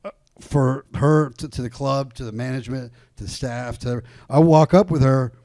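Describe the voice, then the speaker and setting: A man's voice: medium pitch, normal speed, mellow, dry recording. A man telling a long, profane, rambling story as a podcast guest, full of restarts and quoted voices. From Atlanta comedy scene. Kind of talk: casual storytelling.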